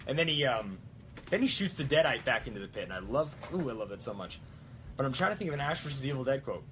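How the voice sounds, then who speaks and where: A man's voice: mid-range voice, lively intonation, a little fast, fairly bright tone, slight background noise. A young man hosting a prop-building live stream, chatting casually and rambling with plenty of fillers. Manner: rambling, lots of fillers and restarts.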